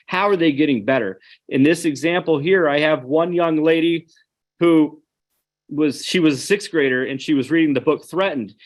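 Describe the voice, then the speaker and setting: A man giving an online webinar presentation, earnest and conversational, speaking straight to his audience. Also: mid-range voice.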